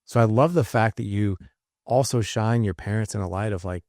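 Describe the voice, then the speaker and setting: A man's voice: lowish voice, normal speed, a little mellow, no echo, studio quality. A man in his late forties hosting a podcast, telling a personal story in a casual, rambling way with fillers and restarts. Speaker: podcast host.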